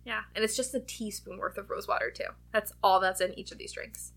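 A woman's voice: mid-range voice, a little fast, gravelly, fairly bright tone. A woman co-hosting a podcast in casual chat, laughing often and swearing freely. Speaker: podcast co-host.

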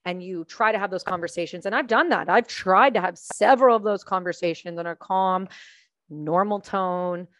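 A woman from Canada hosting a conversational interview, earnest and animated as she thinks aloud. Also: lowish voice, normal speed, no echo, clean studio sound. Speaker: podcast host.

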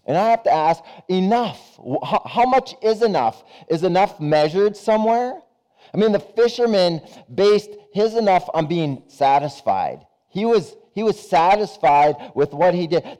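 A male pastor preaching in a relaxed, conversational way, joking with his congregation. His voice sits a little high but sounds warm and mellow, and his manner is folksy and chatty. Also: unhurried. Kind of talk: casual conversational sermon.

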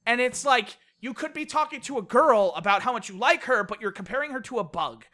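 Bright-voiced woman ranting on a podcast. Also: fairly high pitch, a little fast. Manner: animated, laughing often, swearing when worked up. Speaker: podcast co-host. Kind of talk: casual podcast rant about video games.

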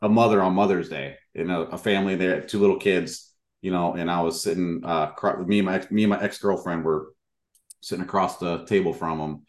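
A man with a low voice talks earnestly and a bit ramblingly, leaning on plenty of fillers as he hosts a casual interview. His voice rings with roomy echo. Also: steady tone, a little fast.

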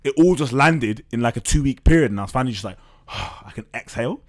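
A man's voice: mid-range voice, expressive, quick pace. A man, a startup co-founder, talking openly and casually as a podcast guest, with loose slang and the odd swear. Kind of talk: candid podcast conversation.

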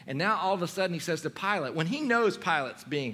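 A male teaching pastor preaching a sermon, acting out the quoted voices with dramatic swings from loud to quiet. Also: a little high, lively intonation, quick pace, few pauses. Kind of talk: expository sermon.

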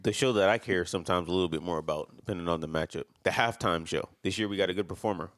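A young man co-hosting a podcast, talking quickly and steering the chat with questions. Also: low voice, fairly bright tone. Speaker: podcast co-host. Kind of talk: casual sports chat.

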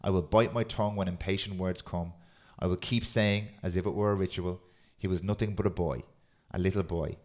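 Podcast host guy, really low voice, reads out loud steady and earnest. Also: a little fast. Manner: steady, earnest reading with small slips. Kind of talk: casual chat and reading a poem aloud.

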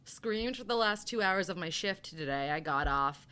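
Casting note: woman host, bright tone, animated and laughing retelling. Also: on the low side, moderate pace, clear, resonant tone. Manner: animated, acts out quotes from the movie; laughs often while talking. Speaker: podcast host. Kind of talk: casual chat recapping a movie.

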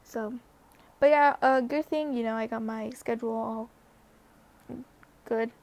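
A woman's voice: a little high, fairly even intonation, unhurried, a little mellow. A young woman vlogger telling a story in a casual, rambling way, full of fillers and restarts.

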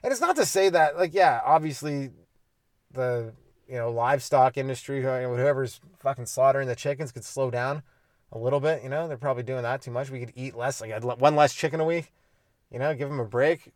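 A man's voice: medium pitch, a little fast, no echo, studio quality. A young man from Canada hosting a comedy podcast, ranting on his own, swearing and acting out little scenes in mock voices. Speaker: podcast host, stand-up comedian. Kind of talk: solo comedic rant.

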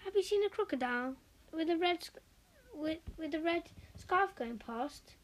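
Frantic worried lady, read by a woman, pleading, high voice, storybook. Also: lively intonation, moderate pace. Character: anxious lady searching for her pet crocodile.

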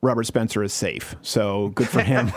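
A man's voice: on the low side, fairly even intonation, moderate pace, darkish tone. A man from Canada hosting a casual political talk show, joking and laughing often. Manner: jokey, mocking, laughs a lot. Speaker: show host.

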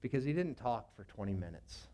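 A man's voice: medium pitch, sing-song, a little fast, dark tone. A man in his thirties, a youth pastor, telling a personal story in a casual, rambling way with many fillers.

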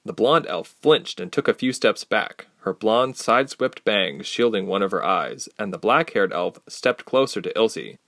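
A man narrating a fantasy storybook aloud, expressive and acting out each character. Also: on the low side, measured pace, few pauses, no room sound, studio quality.

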